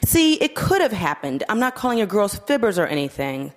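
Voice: medium pitch, big pitch swings, fairly quick, pitched above the performer's own voice, natural voice. A reader voicing a cheerful, syrupy woman troop leader who talks in a lilting, sing-song instructional way. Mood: soothing.

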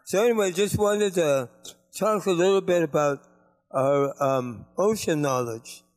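A man's voice: on the high side, measured pace, faint music behind. Friendly man joking with an audience. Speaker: guest speaker. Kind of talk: casual public talk.

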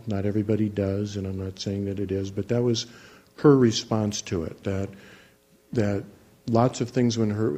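A man who works as a physician, telling a patient's story in a calm, measured lecture and often restarting his phrases. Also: fairly low pitch. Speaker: physician teaching guided imagery.

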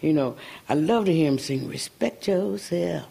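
An older woman singer, a guest in an interview, telling animated stories with a gravelly voice and frequent laughter. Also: low voice, brisk. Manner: laughs often, breaks into sung snippets. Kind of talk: animated storytelling.

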